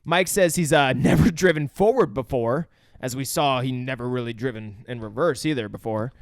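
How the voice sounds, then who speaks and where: A man's voice: medium pitch, normal speed, no room sound, clean studio sound. A young man co-hosting a podcast, recapping a movie in casual chat, swearing and acting out lines. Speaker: podcast co-host.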